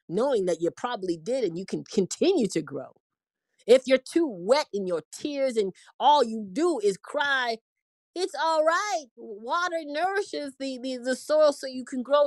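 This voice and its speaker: A high-pitched woman in her forties shares an emotional faith testimony, earnest and a little preachy. She slips into acted voices when she quotes others. Her voice sounds dry and close. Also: animated, unhurried, no echo. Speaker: inspirational speaker.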